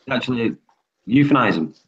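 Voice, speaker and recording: A man's voice: medium pitch, expressive, brisk. A man with a Manchester accent chatting on a live stream, jokey and full of local slang. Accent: Mancunian. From England. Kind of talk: casual live stream chat. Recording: husky voice over a dull lo-fi line.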